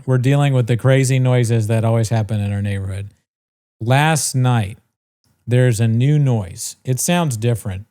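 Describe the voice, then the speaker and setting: A podcast co-host with a warm, mid-range voice casually tells a long story. He swears freely and imitates the people involved.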